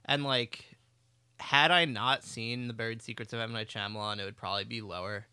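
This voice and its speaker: A man's voice: fairly low pitch, fairly even intonation, a little fast, bright, forceful tone, clear, resonant tone, no room sound, clean studio sound. A man co-hosting a podcast, chatting casually and sardonically, laughing often while griping about a movie. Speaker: podcast co-host.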